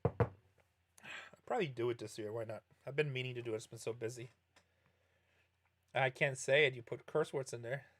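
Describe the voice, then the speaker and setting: Over slight background noise, a middle-aged man with a medium-pitched, fairly bright voice chats on a poker livestream at normal speed with long pauses. He answers viewers, rambling through stories and often correcting himself.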